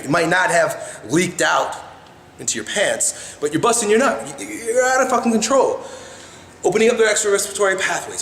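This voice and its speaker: A blunt, foul-mouthed man talks straight to the camera like a coach, keeps checking in with "right?" at mid pitch. His voice rings around a reverberant room, and a faint hiss sits under it. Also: a bit bright. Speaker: self-help vlogger. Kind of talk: casual coaching monologue. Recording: echoey room with faint noise.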